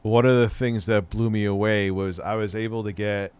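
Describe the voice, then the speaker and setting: A man's voice: on the low side, little pitch movement, normal speed, a little mellow, smooth. A middle-aged man hosting a live stream, chatting loosely and rambling, with casual swearing. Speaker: streamer host.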